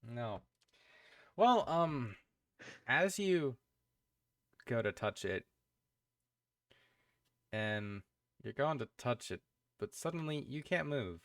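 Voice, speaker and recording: A man's voice: mid-range voice, very animated, takes it slowly, long pauses, a bit bright, no room sound. Casual male game master, dry sound. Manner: casual, rambling with restarts. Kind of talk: narrating a tabletop game.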